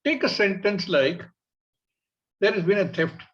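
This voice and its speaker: A man with an Indian English accent, teaching a scripture class in a measured way and acting out everyday examples. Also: sits high, lively intonation, lo-fi sound. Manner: measured, illustrative, acts out examples. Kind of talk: spiritual class lecture.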